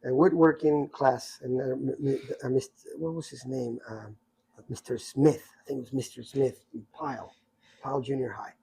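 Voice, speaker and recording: Husky older man telling stories. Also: mid-range voice, normal speed, low-quality recording. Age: 60s. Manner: rambling, animated anecdotes with many asides. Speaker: podcast guest storyteller. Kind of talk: casual storytelling.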